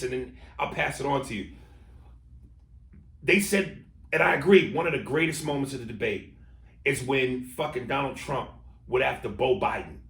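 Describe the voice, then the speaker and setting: In a roomy, echoing recording made from a distance, a male podcast co-host with a fairly high, slightly bright voice argues politics passionately. He swears and stumbles through stammering restarts during the heated debate.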